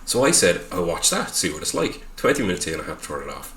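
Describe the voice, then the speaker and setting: An Irish man rants about films in a casual podcast, swearing freely in a lowish, bright, forward voice. His voice rings a little in an echoey room with a faint hiss behind it. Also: big pitch swings, fast. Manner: sweary, ranting. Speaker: podcast co-host.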